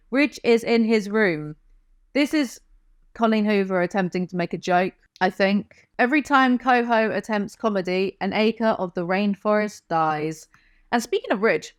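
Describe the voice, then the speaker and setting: A young woman reviewing a novel for comedy, reading passages aloud and cutting in with sarcastic, deadpan asides. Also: mid-range voice, no room sound, studio quality. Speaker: book reviewer.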